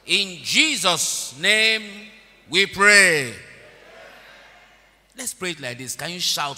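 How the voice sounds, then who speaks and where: Man, preacher, sermon, shouted prayer, swooping pitch, long hall echo. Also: expressive, moderate pace, pauses often. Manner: preaching with call-and-response, swelling into shouted prayer and speaking in tongues. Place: large church hall. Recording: long church hall reverb.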